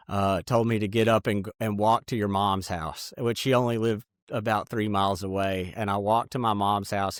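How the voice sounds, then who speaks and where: A man giving an earnest, halting personal testimony in an interview. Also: lowish voice, no echo, clean studio sound.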